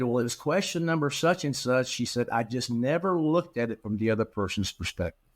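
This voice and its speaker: A middle-aged man, a practice management consultant, telling stories in an interview and acting out the dialogue he quotes. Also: mid-range voice. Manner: animated, acts out quoted dialogue. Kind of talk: storytelling in an interview.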